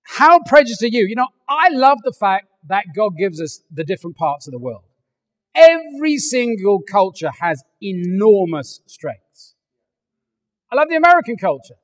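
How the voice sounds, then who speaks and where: An older English man preaching a sermon, animated and joking, acting out little voices as he goes. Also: high-pitched, moderate pace, big-room sound. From England. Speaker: pastor. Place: large church hall.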